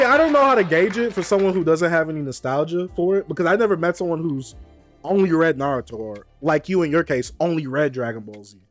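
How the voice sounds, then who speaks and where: A man's voice: a little high, no echo. A man hosting a casual stream chat, laid-back and playfully teasing his chat. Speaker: streamer and host.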